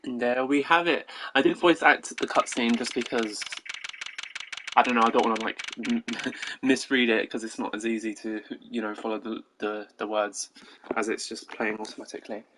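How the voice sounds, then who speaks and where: Brief: British guy, mid pitch, casual rambling streamer commentary, self-deprecating. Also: fairly even intonation, moderate pace, pushed and bright, a little hiss or hum, rough recording. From Britain. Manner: chatty, self-deprecating, trailing off. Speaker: gaming streamer.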